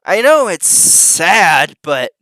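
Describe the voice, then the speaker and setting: A man's voice: high-pitched, sing-song, extremely slow, bright, forceful tone, no room sound. A man reacting to news clips with profane, sneering commentary.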